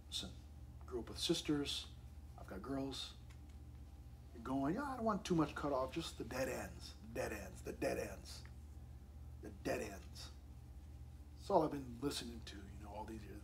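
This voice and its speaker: A male pastor, preaching a sermon in a conversational, animated way with asides to the congregation. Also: fairly high pitch, slight background noise.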